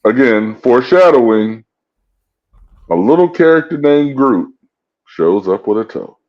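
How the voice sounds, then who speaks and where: A man co-hosting a podcast in casual chat, enthusiastic and quick to laugh. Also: medium pitch, expressive. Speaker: podcast co-host. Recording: dull lo-fi audio.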